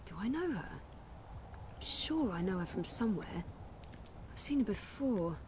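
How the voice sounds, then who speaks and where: A woman's voice: mid-range voice, big pitch swings, unhurried, darkish tone, a little hiss or hum. A woman voicing a young video game heroine who talks in a dry, offhand, curious way. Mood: puzzled. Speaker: game protagonist. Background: game music.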